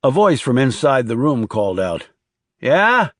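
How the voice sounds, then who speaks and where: Scripted narration of a crime thriller audiobook comes from a man with a medium pitch, telling the story in an even, measured way. The recording is dry and of studio quality.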